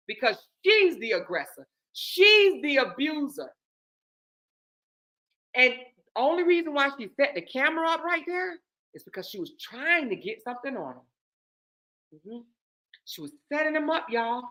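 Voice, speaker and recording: A woman hosting a vlog, talking in a sarcastic, animated, slangy commentary style. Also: high voice, unhurried, long pauses. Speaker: vlog host.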